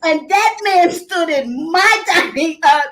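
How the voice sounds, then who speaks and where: A woman's voice: very high voice, expressive, slow pace, fairly bright tone, rough recording. A middle-aged woman hosting a casual talk show, telling candid stories with frequent laughter. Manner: candid storyteller who laughs often. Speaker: host.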